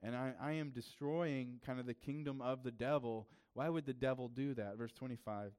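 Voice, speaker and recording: A young man delivers a sermon in a loose, conversational style, full of "um" and "like." His voice is smooth and resonant, pitched in the ordinary male range. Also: fairly even intonation, fast talker, hardly any pauses, darkish tone. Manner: casual, conversational preaching with many fillers. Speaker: pastor.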